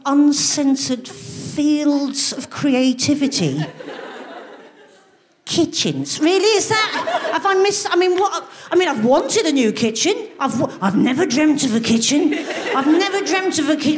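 A middle-aged woman, telling stand-up comedy on stage in a wry, animated storytelling manner with mock outrage. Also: high-pitched. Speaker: comedian and co-host. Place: theatre stage before a live audience.

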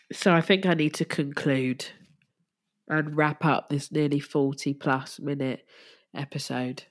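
A woman hosting a podcast, talking haltingly and tearfully in a personal monologue, with restarts and soft sighs. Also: deep voice, fairly even intonation. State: tearful, crying at times. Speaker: podcast host.

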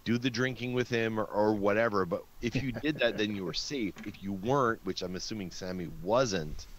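A man's voice: fairly low pitch, moderate pace, a little hiss or hum. A man in a casual podcast chat, explaining a point at length.

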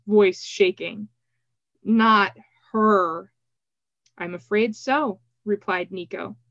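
A woman podcast host reading a novel excerpt aloud in a steady, even voice. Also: mid-range voice, no echo. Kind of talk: book reading. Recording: slightly dull, dry recording.

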